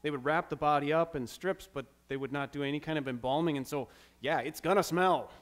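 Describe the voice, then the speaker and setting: A man preaching a sermon as pastor, acting out quoted lines dramatically with swings from loud to hushed. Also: fairly high pitch, fairly quick. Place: church.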